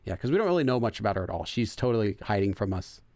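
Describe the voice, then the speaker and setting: A man's voice: lowish voice, big pitch swings, rapid-fire, a little mellow, no room sound. A man hosting a casual let's play, chatting in a rambling way with lots of fillers and self-corrections while translating game text aloud.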